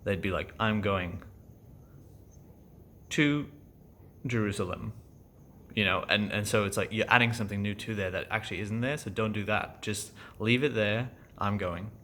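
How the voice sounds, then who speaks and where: A man with a low voice and a German accent reflects on acting exercises in a relaxed vlog. He talks in a halting, thoughtful way, full of "um"s and restarts. A faint hiss of ambience sits behind him. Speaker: actor vlogging about acting class.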